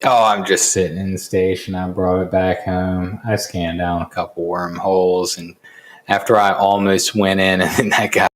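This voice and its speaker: A man's voice: deep voice, flat delivery, moderate pace. A man co-hosting a podcast in casual chat, answering in a laid-back, brief way. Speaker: podcast co-host.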